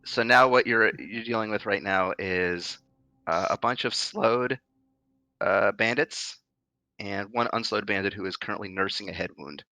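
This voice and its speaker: A man's voice: lowish voice, normal speed, bright, forceful tone, no room sound. A man narrating as game master of a tabletop game, describing scenes with fillers and restarts.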